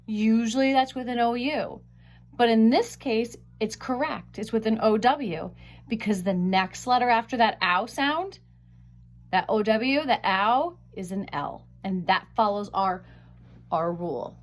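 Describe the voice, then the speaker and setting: A woman with a fairly high voice teaches a phonics lesson. She sounds out each word slowly and carefully, stretching the vowel sounds. She is picked up by a webcam mic. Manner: slow, careful sounding out of words.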